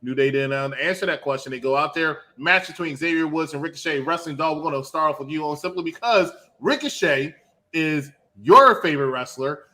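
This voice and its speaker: Guy hosting a wrestling review, talks lively and pokes fun at his co-hosts, bright forceful voice. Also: on the high side. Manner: animated, quick to tease co-hosts. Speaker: podcast host. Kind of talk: casual wrestling review chat.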